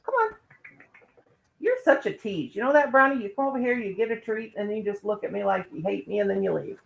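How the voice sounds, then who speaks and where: A woman's voice: mid-range voice, animated, fairly quick, gravelly, muffled recording. An older woman chatting casually as a host, laughing often and cooing baby talk to her dogs. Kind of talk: casual chat.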